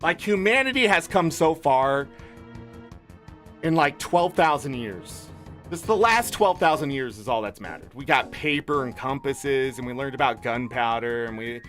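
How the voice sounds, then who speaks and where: A man's voice: mid-range voice, animated, normal speed, a bit bright, faint music behind. A man streaming a game, ranting in an angry, profane, heated way. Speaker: gaming streamer. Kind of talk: ranting commentary over a game.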